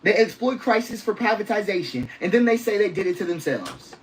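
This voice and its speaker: A woman's voice: mid-range voice, lively intonation, fairly quick, a little hiss or hum, poor audio. A woman delivering spoken-word style commentary, emphatic and rhythmic, repeating phrases for weight.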